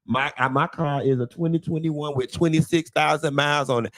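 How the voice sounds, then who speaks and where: Flamboyant male host of a live stream, sassy and playful, mid-pitched voice. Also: creaky. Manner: flamboyant, sassy, drawn-out endearments; dramatic, playful rambling.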